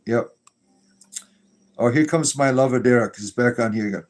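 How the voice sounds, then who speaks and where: A man's voice: mid-range voice, moderate pace, faint music behind. A man hosting a casual livestream, reading chat messages aloud in a joking, irreverent way and laughing often.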